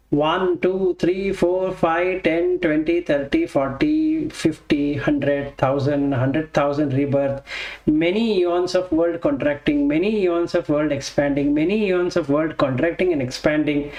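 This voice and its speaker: A man teaching a Buddhist text, explaining slowly with pauses and self-corrections. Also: fairly high pitch, a little mellow, echoey room, rough recording. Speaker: dharma teacher.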